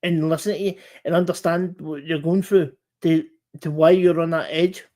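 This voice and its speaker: A man hosting a casual live-stream chat, talking earnestly in halting bursts with many restarts and repeated words. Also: fairly high pitch, little pitch movement, a little mellow.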